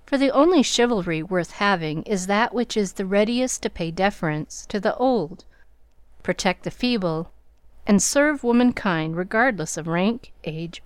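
A woman narrating a classic novel in a measured, even storytelling manner. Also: mid-range voice, clear, resonant tone, no echo. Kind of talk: audiobook narration.

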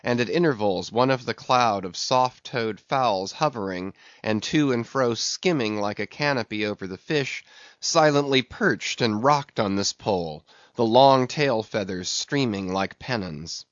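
A man narrating an audiobook in a measured, even reading. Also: on the low side, dry recording. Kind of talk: scripted narration. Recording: dull, dry sound.

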